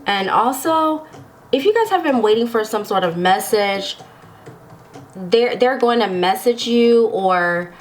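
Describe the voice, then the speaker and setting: A woman's voice: fairly high pitch, animated, a little slow. A woman giving a casual tarot reading to viewers, chatty and giggly, often checking in with the listener. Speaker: tarot reader.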